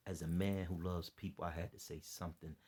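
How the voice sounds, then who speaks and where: A man's voice: sits low, flat delivery, a little fast, a little mellow, slightly rough. A tired man rambling through an earnest, preachy monologue to his followers, often repeating himself. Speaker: vlogger giving religious commentary.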